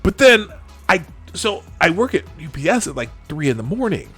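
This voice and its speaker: A man hosting a live show, telling a rambling story in a casual, animated way with lots of restarts. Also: fairly high pitch, moderate pace, breathy edge, faint music behind. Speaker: show host.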